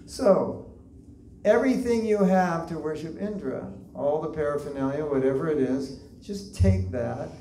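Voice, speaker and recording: A calm young deity speaks slowly and earnestly in a gravelly, mellow voice, as a lecturer puts him on. The counsel sounds instructive and gentle. The voice carries in an echoey hall, a little far from the mic. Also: male voice, fairly high pitch, slight background noise.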